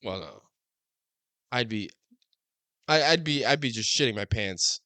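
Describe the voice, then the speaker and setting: A man's voice: medium pitch, lively intonation, measured pace, pushed and bright, dry recording. A young man co-hosting a podcast, reacting to a game recap with short, joking interjections. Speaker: podcast co-host.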